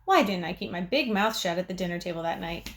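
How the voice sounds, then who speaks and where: A sarcastic, grumbling older brother, read by a woman in close to her own voice, his lines lively and full of eye-rolling. He complains in a quick, animated way. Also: lowish voice. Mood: exasperated. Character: exasperated older brother, about nine.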